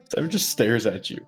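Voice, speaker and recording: A man playing in a tabletop game, asking probing questions in a casual way. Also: lowish voice. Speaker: player.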